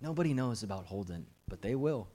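A man's voice: fairly low pitch, brisk. A young adult man preaching a guest sermon at a church service, telling stories with light jokes. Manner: animated storytelling with jokes.

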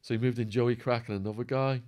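A man guest in an interview, telling stories animatedly and acting out quotes, his voice going hoarse. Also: medium pitch, steady tone, fast, darkish tone. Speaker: podcast guest. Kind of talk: storytelling in an interview.

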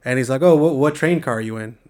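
A young adult man from the San Francisco Bay Area tells a story in casual chat, laid-back and slangy, swearing often. His mid-range voice has a darkish tone, and he talks fast.

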